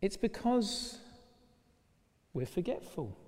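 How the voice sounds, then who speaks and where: A man preaching a sermon in a lively, conversational way, full of rhetorical questions, recorded in a church. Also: a little high, moderate pace. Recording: long reverb of a large church.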